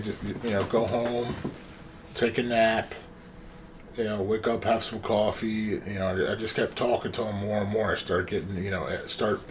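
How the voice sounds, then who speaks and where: A man with a fairly low voice tells a long, rambling story in loose, profane chat. He acts out the voices he quotes. A clear noise hum sits behind him.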